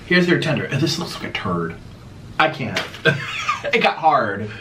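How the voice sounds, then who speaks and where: Eating on camera, this mukbang creator chats unhurriedly, names every dish, and hums and moans as he eats. His medium-pitched voice swings widely and sounds pushed and bright, with a little hiss or hum in the background.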